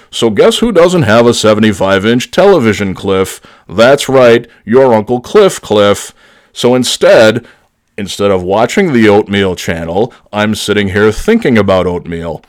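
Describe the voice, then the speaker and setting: A man's voice: fairly low pitch, natural voice. A man doing a rambling old relative. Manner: slow rambling storytelling, halting restarts. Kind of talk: prank voicemail comedy.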